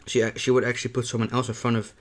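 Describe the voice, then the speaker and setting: A man's voice: medium pitch, flat delivery, rapid-fire. A young man vlogging a mukbang, talking casually and candidly between bites, rambling and often saying "man". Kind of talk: casual talk to camera while eating.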